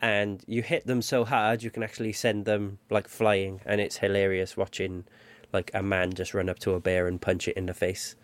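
A man's voice: lowish voice, little pitch movement, moderate pace. A man co-hosting a casual podcast chat about video games, joking and rambling with plenty of fillers. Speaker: podcast co-host.

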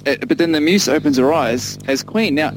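A man's voice: a little high, fairly quick, poor audio. A man co-hosting a casual music podcast, rambling enthusiastically and laughing often. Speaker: podcast co-host discussing an album.

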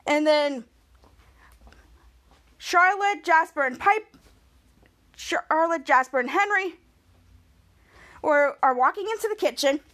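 Speaking slowly with long pauses, a woman with a high, fairly bright voice recaps a TV episode on her podcast. The recap rambles, strung along by "and then" and "like," and she repeatedly restarts and corrects her sentences.

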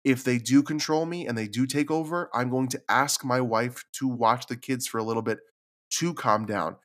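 A man's voice: mid-range voice, normal speed, a bit bright. Earnest man on a solo podcast. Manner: earnest, confiding, repeats words when emotional. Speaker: podcast host. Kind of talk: reflective solo podcast talk.

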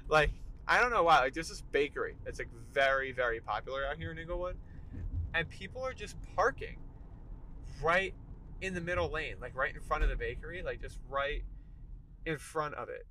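Bright-voiced young man ranting while driving. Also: a little high, normal speed, low-quality recording. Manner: animated, ranting, emphatic asides. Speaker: podcast host. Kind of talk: solo commute podcast rant. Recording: faint car noise behind. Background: car road noise.

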